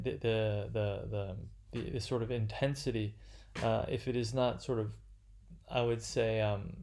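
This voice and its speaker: A man giving an unscripted literature lecture, halting and full of fillers and restarts. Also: mid-range voice, darkish tone.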